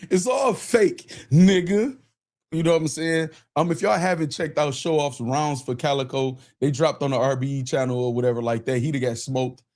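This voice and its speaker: A man hosting a casual livestream, excitable and profane, shouting out chat and repeating himself. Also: mid-range voice, brisk, few pauses. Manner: profane, laughing. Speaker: livestream host.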